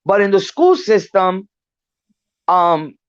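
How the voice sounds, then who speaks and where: An older woman talks openly and bluntly, swearing freely as she tells stories. Her voice sits at an ordinary middle pitch. The sound is dry and a bit muffled, like a lo-fi recording. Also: big pitch swings, slow, no room sound. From New York. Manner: frank storytelling, swears freely. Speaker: guest speaker. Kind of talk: casual discussion.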